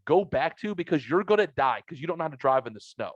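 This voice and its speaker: Brief: middle-aged male podcast host, swears freely, animated storyteller, dry dull lo-fi sound. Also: on the high side, fast, no echo. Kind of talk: casual storytelling chat. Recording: dull lo-fi audio.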